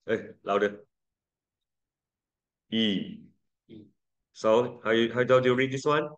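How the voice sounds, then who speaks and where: A man's voice: mid-range voice, takes it slowly, muffled recording. A man teaching English pronunciation to a class, patiently drilling vowel sounds and calling on students. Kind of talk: classroom lesson.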